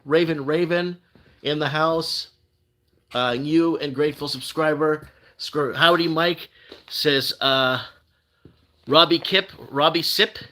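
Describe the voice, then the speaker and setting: A man's voice: fairly high pitch, slow, pauses often, bright, forceful tone. An older man from Canada hosting a casual live stream, rambling and reading out viewer comments. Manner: rambling, reads out viewer comments, restarts often.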